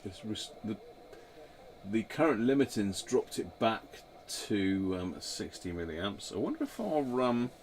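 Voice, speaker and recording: A man's voice: on the low side, sing-song, a little slow. A man hosting a radio repair channel, chatting casually with viewers while he works and thinking aloud with trailing fillers.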